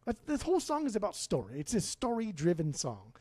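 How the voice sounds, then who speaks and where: Mellow-voiced man, profane and rambling. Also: high voice, huge pitch swings, brisk, dry recording. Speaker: podcast co-host. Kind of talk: casual podcast chat.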